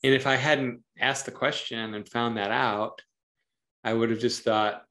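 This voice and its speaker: A man of average pitch speaks as a psychologist guest in an interview. He explains ideas thoughtfully and conversationally. He brings them to life by acting out other voices. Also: measured pace. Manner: animated, acts out parents' and children's voices in quotes; thoughtful, uses metaphors to explain.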